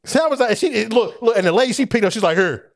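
A male podcast co-host telling a rambling story in loose, profane chat. His pitch swings a lot, rising high as he gets worked up. His voice sits a little above average for a man. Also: quick pace, vocal fry, dry recording, clean studio sound. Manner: animated, profane, laughs while telling stories.

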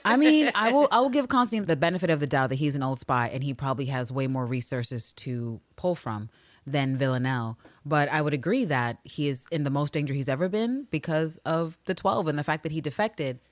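A woman co-hosting a casual recap chat, talking in an animated, profane way. She acts out the characters' lines as she goes. The sound is dry and close, with little room behind her voice. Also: low-pitched, fairly quick, no echo. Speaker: podcast co-host.

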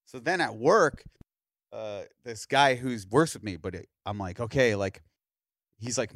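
Male podcast host in his thirties, lively storyteller, wide pitch swings, dry close sound. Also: moderate pace, dry recording. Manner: animated storyteller, acts out other people's lines. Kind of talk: casual storytelling chat.

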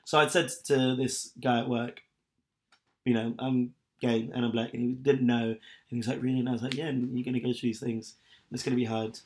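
A man's voice: medium pitch, little pitch movement, fairly quick. A young man chatting candidly and at length, rambling with lots of fillers. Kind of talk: casual chat.

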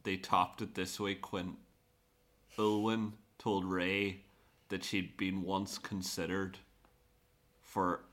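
A man's voice: low voice, level tone, slow, pauses often, fairly bright tone. An Irish man hosting a podcast chat, joking and laughing along as he leads each segment. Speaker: podcast host. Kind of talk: casual panel chat.

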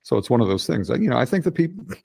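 A man's voice: medium pitch, big pitch swings, fast, creaky, darkish tone, husky, no echo, clean studio sound. A man in his sixties with a Philadelphia accent, a guest in a casual interview, rambling bluntly and swearing often. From Delaware County, Pennsylvania. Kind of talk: casual profane conversation.

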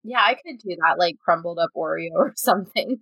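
A woman's voice: fairly low pitch, brisk, pushed and bright, breathy edge, no echo. A young adult woman hosting a podcast in casual chat, talking freely and laughing often as she acts out her own reactions. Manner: chatty, laughs often, quotes herself in asides. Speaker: podcast host.

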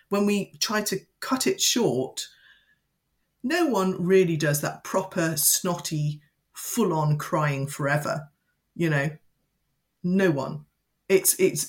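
A woman educator giving calm, measured advice as a guest in an interview. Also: on the low side. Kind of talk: interview explanation.

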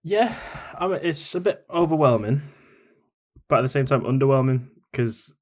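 A man's voice: mid-range voice, lively intonation, normal speed. A man on a video call as a podcast guest, talking hesitantly with many fillers. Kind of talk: casual chat. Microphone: remote call mic.

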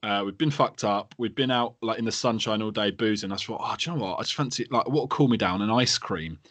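A man's voice: on the low side, fast talker, a bit bright, no echo. Host, male, 30s. Laddish, sweary, laughing, dry close sound. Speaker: podcast host. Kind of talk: casual podcast banter.

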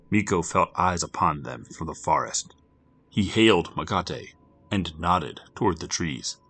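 A man narrating a grim story for a podcast, swinging between loud urgency and hushed, near-whispered passages. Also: low voice.

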